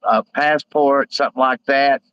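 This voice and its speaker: A man hosting a casual live stream, rambling with many halting fillers as he reads out viewer comments. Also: mid-range voice, fairly even intonation, a bit bright, clear, resonant tone, dry recording, lo-fi sound.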